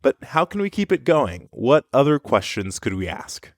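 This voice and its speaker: A man co-hosting a scripted language lesson, explaining clearly. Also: mid-range voice, sing-song, moderate pace, no room sound, studio quality. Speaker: French teacher.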